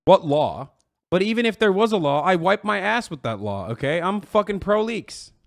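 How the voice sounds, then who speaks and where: A man's voice: high voice, very animated, moderate pace, creaky, dry recording, studio quality. A man reacting to a clip, mocking it with sarcasm and constant swearing. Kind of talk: profane reaction commentary.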